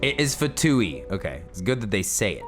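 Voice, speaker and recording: A man's voice: fairly low pitch, big pitch swings, normal speed. A man hosting a let's play, giving rambling, jokey gameplay commentary and laughing often. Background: game music.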